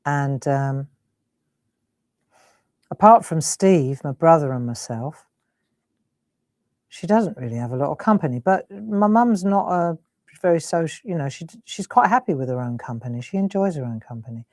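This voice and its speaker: A woman's voice: low voice, expressive, normal speed, pauses often, darkish tone, no room sound, studio quality. A middle-aged woman hosting a live crafting stream, chatting and giggling as she works. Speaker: crafting host.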